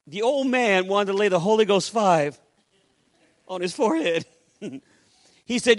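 A man's voice: sits high, animated, measured pace, pauses often, dry recording. A male pastor preaching a sermon, telling a story and acting out the dialogue in changing voices. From Puerto Rico. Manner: acts out dialogue with shifting voices.

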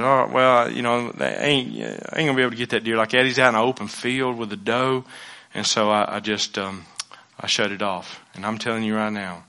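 A man's voice: mid-range voice, pushed and bright. A man preaching a sermon, telling a folksy personal story with many restarts.

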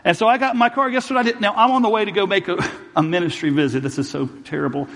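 A man's voice: sits high, fairly even intonation, fast talker, gravelly, a bit bright, in a large hall. A man preaching a sermon as pastor, telling a personal story and acting out both sides of each argument.

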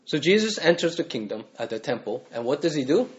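A man's voice: a little high, very animated, brisk, highs cut off. A man, a pastor, preaching a sermon in a conversational way, often asking the congregation rhetorical questions.

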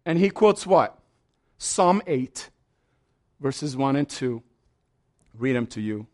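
A man preaching a sermon as a pastor, passionate, swinging from soft asides to loud, high exclamations. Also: animated, takes it slowly, pauses often.

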